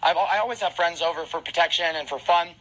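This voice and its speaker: A man in his twenties ranting on a livestream from his home, anxious and panicked, talking fast with restarts and swearing. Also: fairly high pitch, bright, forceful tone, low-quality recording. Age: 20s. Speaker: car content creator on a livestream. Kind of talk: agitated livestream rant. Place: at home, alone.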